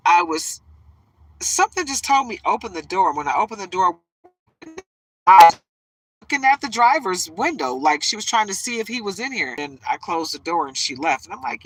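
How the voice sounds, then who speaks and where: A woman's voice: mid-range voice, sing-song, moderate pace, rough recording. A woman who reads tarot, chatting casually and emotionally on a livestream from inside a parked truck.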